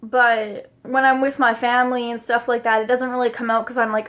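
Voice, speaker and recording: A woman's voice: on the high side, level tone, fairly quick, fairly bright tone. A young woman rambling through a casual vlog about herself, laughing often and swearing freely. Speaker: vlogger.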